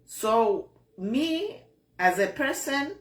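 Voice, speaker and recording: A woman's voice: fairly high pitch, big pitch swings, very slow, echoey room. A Zambian woman hosting an online show, giving an earnest, repetitive political commentary monologue with a tone of disappointment.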